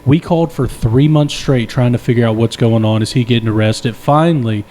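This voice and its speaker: There's a faint hiss or hum behind this young man, who co-hosts a podcast and talks fairly quickly at a medium pitch. He tells a lengthy, foul-mouthed story that meanders, poking fun at himself and breaking into laughter often, with lots of animation.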